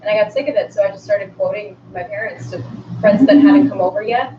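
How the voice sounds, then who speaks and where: A woman's voice: medium pitch, fairly quick, noisy background. A woman musician guesting on a radio show, chatting in a playful, easy way. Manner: chatty and playful, laughs easily. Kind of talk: casual radio chat. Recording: echoey, distant, dull sound with music.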